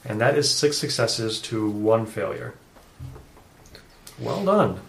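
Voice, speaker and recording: A man's voice: medium pitch, lively intonation, takes it slowly, creaky, a little hiss or hum. Man running a tabletop game. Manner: casual, rambling narration. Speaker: dungeon master. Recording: echoey room.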